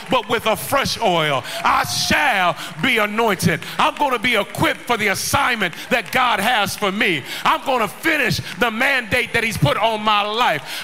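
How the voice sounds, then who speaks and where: A man preaching a sermon in a church, shouting and stretching out key words. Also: high voice. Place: church sanctuary. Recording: long hall reverb, music behind.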